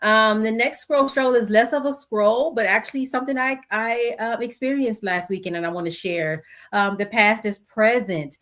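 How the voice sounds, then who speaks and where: A woman's voice: fairly high pitch, normal speed, hardly any pauses, a bit bright. A middle-aged American woman hosting her own podcast, talking casually with many fillers and asides. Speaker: podcast host. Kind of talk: casual solo podcast talk.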